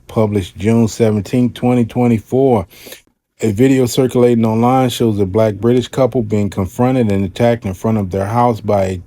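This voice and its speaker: Guy reading a news story off a page, mellow low-key voice, dry close sound, chats in his own opinions. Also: no room sound. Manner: relaxed, conversational, reads news aloud with asides. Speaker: commentary host.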